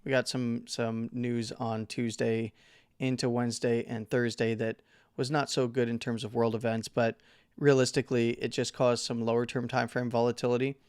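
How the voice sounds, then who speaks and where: A man's voice: mid-range voice, little pitch movement, moderate pace, darkish tone, smooth, no room sound, clean studio sound. A man hosting a crypto market chart talk, losing his voice, rambling with fillers and self-corrections. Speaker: crypto market analyst host. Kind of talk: casual chart analysis talk.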